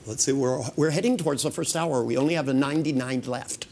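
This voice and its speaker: Gravelly older man leading a hypnosis demo. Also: mid-range voice, a little hiss or hum. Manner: joking and teasing between slow soft trance suggestions. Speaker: hypnotist leading a training seminar. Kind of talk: live hypnosis demonstration. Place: seminar room with participants.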